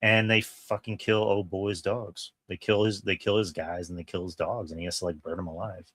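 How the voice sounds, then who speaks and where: A man co-hosting a podcast, chatting casually and excitedly about a film, swearing freely and acting out quoted lines. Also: low voice, moderate pace, no echo. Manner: excited, profane, retells scenes with quoted lines. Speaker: podcast co-host. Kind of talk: casual film review chat.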